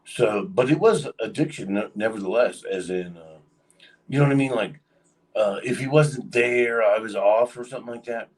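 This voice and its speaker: Man, low voice, rambling casual storytelling, set back from the mic. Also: moderate pace, recorded from a distance, low-quality recording. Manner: rambling, many fillers, acts out quoted voices.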